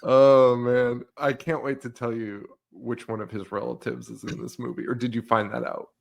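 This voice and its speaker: Man, podcast co-host, gravelly voice, mid pitch, jokey, laughs a lot. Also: little pitch movement, normal speed. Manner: joking, laughs often, acts out silly quotes. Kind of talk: casual movie-review chat.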